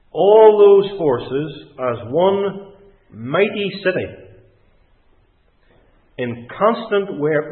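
Slow, emphatic male preacher, tinny and echoey. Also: medium pitch. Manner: deliberate, emphatic, with rising stresses. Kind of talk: sermon. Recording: tinny phone-like sound in an echoey room.

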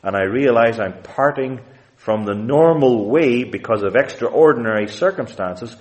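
A man preaching a sermon, expounding scripture with deliberate emphasis and quoting King James wording. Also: mid-range voice, low-quality recording.

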